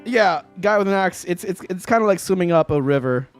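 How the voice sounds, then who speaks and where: A man's voice: sits high, lively intonation, brisk, soft background music. A young man livestreaming from home, chatting loosely with viewers, laughing often and swearing casually. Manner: laid-back, swears often, laughs a lot. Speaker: livestreaming guitarist. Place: home room.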